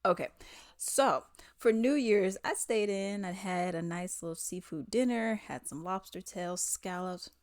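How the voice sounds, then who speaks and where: A woman's voice: mid-range voice, unhurried, no echo, clean studio sound. A woman in a casual, chatty commentary vlog, talking in slangy asides. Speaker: commentary vlogger. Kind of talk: casual chat.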